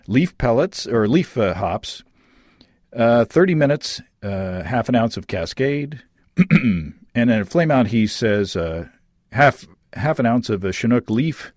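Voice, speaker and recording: A man's voice: fairly low pitch, no room sound, studio quality. A man hosting a casual chat, reading listener letters aloud with frequent fillers and laughter. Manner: lively, laughing, many fillers and restarts. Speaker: podcast host.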